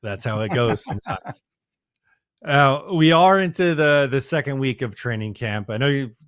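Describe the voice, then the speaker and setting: A man's voice: medium pitch, normal speed, fairly bright tone, no room sound, studio quality. A man from Long Island hosting a casual sports podcast, easygoing and steering the talk. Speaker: podcast host.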